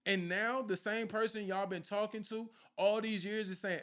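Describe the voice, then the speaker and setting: A man's voice: high-pitched, fairly quick, hardly any pauses, a bit bright, clean tone. A man giving a casual, preachy spiritual talk straight to his viewers, often repeating himself to press his point. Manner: preachy, repetitive, addresses viewers directly. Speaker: spiritual content creator.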